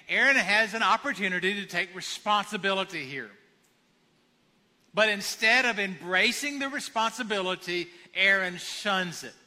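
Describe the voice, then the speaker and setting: A man's voice: high voice, sharp tone, in a large hall. A man preaching a conversational sermon, acting out quoted lines as he goes.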